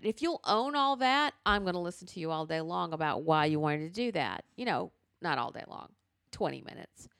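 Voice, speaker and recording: A woman's voice: fairly low pitch, fairly quick, creaky, no echo, clean studio sound. A woman co-hosting a podcast, ranting with profanity in casual chat. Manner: animated, profane ranting storyteller. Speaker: podcast co-host.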